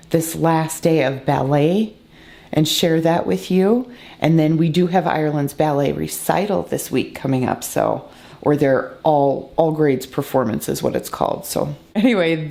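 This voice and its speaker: Speaking in a low-pitched, gravelly voice with a dark tone, this American woman in her forties talks casually to the camera from her kitchen. She's a homeschooling mother who vlogs about her family, and her talk wanders, packed with fillers and self-corrections.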